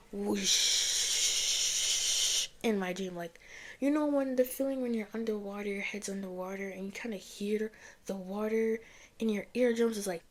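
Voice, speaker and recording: A young adult woman telling a personal faith story in a casual, chatty way, often dropping to a near-whisper. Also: medium pitch. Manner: chatty, heavy use of "like" and "y'all", often drops to a near-whisper. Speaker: vlogger sharing a faith testimony.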